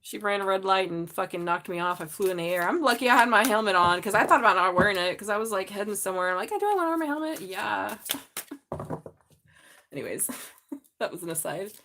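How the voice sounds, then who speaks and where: Here a tarot reader runs a live stream, a middle-aged woman with a Southern accent who jokes around, laughs a lot and addresses the chat directly. She sounds medium-pitched, brisk and sharp, if slightly mumbly, with a little background noise in the clip.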